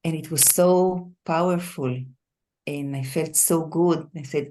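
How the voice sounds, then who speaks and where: Low-voiced woman, soft and fond, lots of little repeats, video call. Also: level tone, measured pace. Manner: soft, warm-hearted, laughing often, repeats words. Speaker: qigong student at a memorial meeting. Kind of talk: personal tribute.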